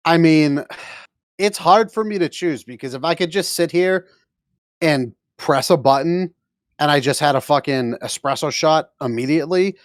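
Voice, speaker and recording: A man's voice: medium pitch, no room sound. Co-host guy ranting about games and coffee, swears a lot, dry close sound. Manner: emphatic, swears freely. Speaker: podcast co-host. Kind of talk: casual podcast chat.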